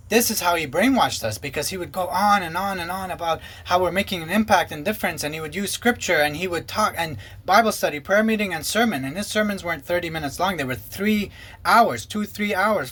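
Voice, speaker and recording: A man's voice: expressive, a little fast, fairly bright tone, breathy edge. A man, a former pastor, giving an earnest and emotional personal testimony. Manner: earnest, emotional, quotes others in lowered voice. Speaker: former pastor and ministry co-founder.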